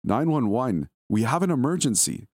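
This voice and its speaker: A trembling woman on a phone line begs for help, her voice pitched high and taut with desperation, as a male narrator puts her on. Her pleading is shaky and urgent, reaching up well above his usual register. She sounds cornered and frantic in this horror story. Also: very animated, normal speed, darkish tone, slightly rough, dry recording, clean studio sound, exaggerated voice.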